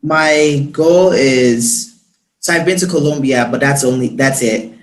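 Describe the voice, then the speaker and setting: A man's voice: mid-range voice, measured pace. Enthusiastic young man, roomy echo. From Nigeria. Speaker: guest. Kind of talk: casual interview chat.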